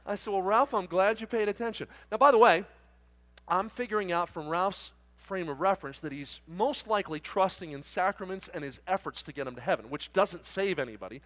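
High-voiced guy preaching, animated storyteller, long reverb like a big church hall. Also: brisk. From South Jersey, near Philadelphia. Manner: animated storyteller acting out dialogue. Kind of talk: storytelling sermon.

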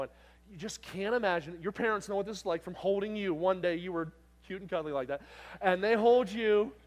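Man, middle-aged, preacher, high voice, animated storytelling sermon, loud to hushed.

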